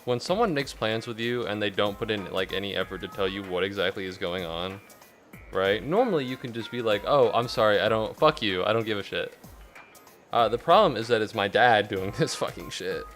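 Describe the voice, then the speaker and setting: A young man streaming a game in casual chat, ranting and swearing with loud exasperated outbursts. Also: fairly low pitch, expressive, fairly quick, faint music behind.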